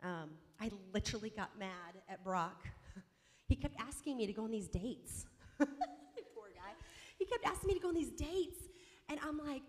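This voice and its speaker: A mother telling a personal faith story in an animated, self-mocking way, acting out the dialogue. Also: high voice, moderate pace. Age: adult mother. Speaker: speaker sharing a faith story. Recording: long hall reverb.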